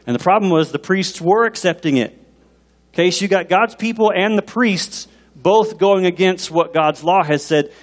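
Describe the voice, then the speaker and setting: A man preaching a sermon as a pastor. He talks in an animated way and asks the congregation questions. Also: fairly high pitch, moderate pace. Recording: long reverb in a large hall.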